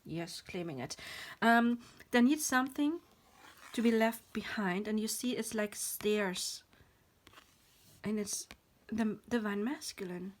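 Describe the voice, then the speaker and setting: A woman with a mid-range voice leads a pick-a-card tarot reading in a loose, rambling way. She apologizes often as she talks through spiritual themes, and she sometimes sinks into a soft whisper. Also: mid-range voice, slow pace. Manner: drops to a whisper now and then.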